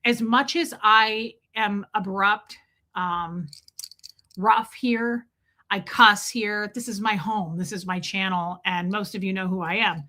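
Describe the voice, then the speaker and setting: A woman's voice: medium pitch, steady tone, slow, pushed and bright. A woman hosting a live stream from home, telling a story to her chat in a chatty, blunt way and swearing freely.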